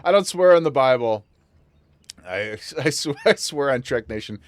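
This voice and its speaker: A man's voice: mid-range voice, lively intonation, normal speed, no echo. Jokey man streaming a game from home. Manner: jokey, laughs often, reads game dialogue aloud. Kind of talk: casual live gameplay commentary.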